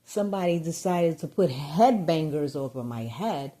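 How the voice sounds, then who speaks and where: A woman venting in a rambling personal vlog, getting agitated and loud when riled. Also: low voice, moderate pace. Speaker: vlogger.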